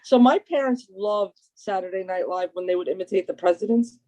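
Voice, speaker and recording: A woman co-hosting a relaxed podcast chat, with a mellow, dark-toned voice at a middle pitch. She tells her stories eagerly and jumps in to add to what the other host says. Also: fairly quick. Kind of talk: casual chat.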